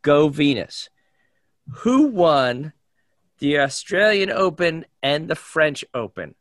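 A man's voice: a little high, very animated, slow, a bit bright, dry recording. A man co-hosting a podcast, eagerly asking his co-hosts quiz questions in casual chat. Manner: playful, eager quizmaster. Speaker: podcast co-host running a quiz.

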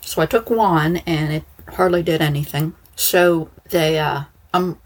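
Low, husky woman, slightly slurred. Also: steady tone, a little slow, rough recording. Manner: rambling, chatty, frequent restarts and fillers. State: slightly slurred speech after dental surgery. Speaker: podcast host. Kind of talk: casual monologue.

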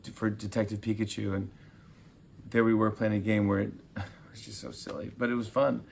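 A man in his forties chats in a casual interview, low-pitched with a gravelly edge. He tells stories with energy, acting out what people said. A faint rumble sits behind him. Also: normal speed. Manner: animated storyteller acting out quotes, laughing. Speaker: talk show host being interviewed.

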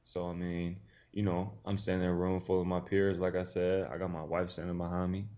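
A man's voice: deep voice, level tone, a little fast, warm tone. A man in his thirties, a boxer guest, telling his story on a podcast in a laid-back way with lots of fillers. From Tennessee. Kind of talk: casual podcast interview.

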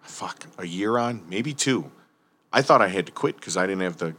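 A man's voice: deep voice, normal speed. A man telling firefighting stories in casual, profane chat, acting out what people said. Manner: animated, profane, acts out quotes.

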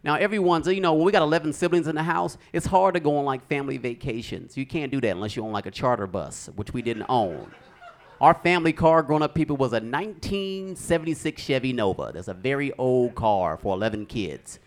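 A man doing stand-up comedy, telling animated stories with sound effects on stage. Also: mid-range voice, fairly quick.

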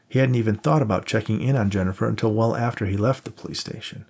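A man narrating an audiobook in a steady storytelling manner. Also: fairly low pitch, fast, creaky, few pauses, husky. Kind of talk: scripted narration.

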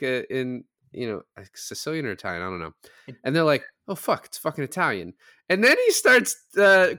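A man hosting a podcast, casually recapping film scenes and acting out quoted lines as he goes. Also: a little high. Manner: animated, retells scenes with quoted voices. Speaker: podcast host. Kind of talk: casual film review chat.

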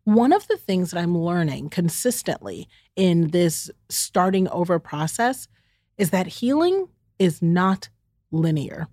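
Candid, lower-voiced woman talking to listeners. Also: no echo, clean studio sound. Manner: warm, candid, talks straight to the listener as "friend" and "y'all". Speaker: podcast host. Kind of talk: heartfelt solo chat to listeners.

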